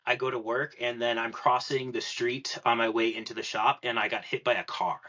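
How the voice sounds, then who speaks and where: A man's voice: medium pitch, fairly even intonation, fairly quick, sharp tone, highs cut off. A young man telling a long story in a rambling podcast chat, full of "like" and filler words. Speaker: podcast guest.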